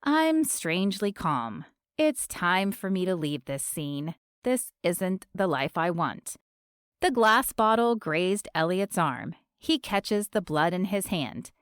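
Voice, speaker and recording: Expressive woman reading a romance audiobook. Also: on the low side, slow pace, smooth, no echo, clean studio sound. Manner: expressive first-person storytelling. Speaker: audiobook narrator. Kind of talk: scripted audiobook narration.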